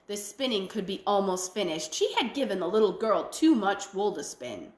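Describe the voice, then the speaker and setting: Expressive woman telling a folk tale. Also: mid-range voice, normal speed, hardly any pauses, echoey room. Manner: expressive, folksy asides. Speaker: library storyteller. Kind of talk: oral storytelling.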